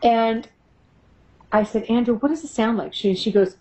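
A woman's voice: on the high side, sing-song, takes it slowly, pauses often, darkish tone, rough recording. A middle-aged woman being interviewed about her paranormal investigation work, telling stories animatedly, laughing often and acting out the voices she quotes. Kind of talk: casual storytelling in an interview.

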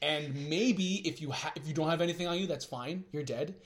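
This is a ruthless male killer bent on vengeance, voiced by a man retelling a story. He speaks bluntly and boastfully, in a fairly high voice. His delivery is blunt and flatly sure of himself. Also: a little fast, natural voice. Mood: cocky.

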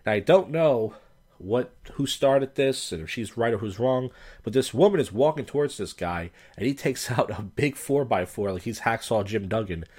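A man's voice: mid-range voice, animated, normal speed, a little mellow, breathy edge. A man hosting a casual commentary show on viral clips, talking in a blunt, profane, sardonic way. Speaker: host.

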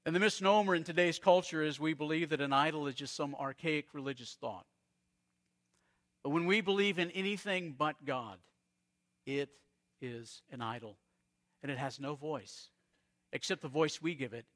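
Bright-voiced preacher man from Arizona. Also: fairly high pitch. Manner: storytelling preacher, dramatic pauses and swings in loudness. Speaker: pastor. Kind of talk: sermon.

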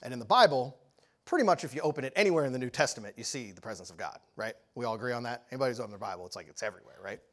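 A man preaching a sermon, telling a story with lively energy and often asking the audience questions. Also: medium pitch, very fast.

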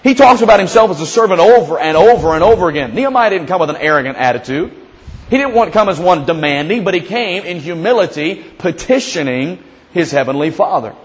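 This pastor's voice sits a little high, and the recording sounds lo-fi. He could be a young adult or a middle-aged father, delivering his sermon in a conversational, story-driven style and often acting out the prayers he quotes.

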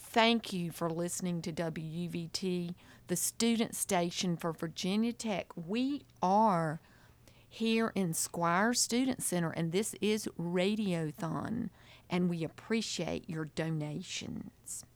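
A woman's voice: fairly low pitch, takes it slowly. A woman college radio DJ in casual, chatty patter, talking straight to her listeners from a student station studio.

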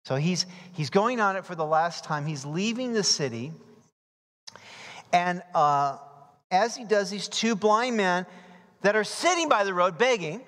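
High-voiced preacher in an echoing hall. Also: male voice. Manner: animated, acts out voices and shouts for emphasis. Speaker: pastor. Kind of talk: expository sermon. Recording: long reverb of a large hall.

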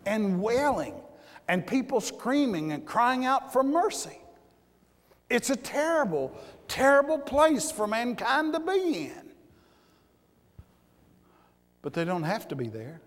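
A man preaching a fiery sermon, repeating words and rising into shouts. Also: high voice, very animated, unhurried. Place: church. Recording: church hall with long reverb.

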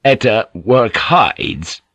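A man's voice: mid-range voice, big pitch swings, drawn-out words, fairly bright tone, no room sound, full character voice. A man voicing a guarded ship's pilot who speaks hesitantly. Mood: uneasy. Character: uneasy English ship's pilot, male, adult.

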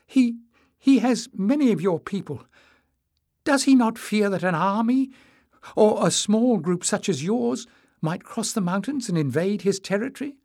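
A man voicing a timid young man who speaks in a high, trembling voice. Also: big pitch swings, very slow, hardly any pauses, dark tone, breathy edge, no echo, clean studio sound, full character voice. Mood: anxious.

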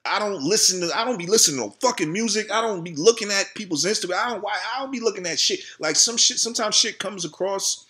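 A man's voice: sits high, expressive, fast, few pauses, pushed and bright, breathy edge. A man, ranting heatedly and profanely in a casual vlog about his channel. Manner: profane, heated, repetitive venting. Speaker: video creator.

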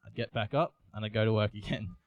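A man's voice: lowish voice, steady tone, fast talker, dry recording, phone-quality sound. A young man, giving an earnest, confessional sermon with frequent restarts. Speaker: youth preacher. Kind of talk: personal sermon.

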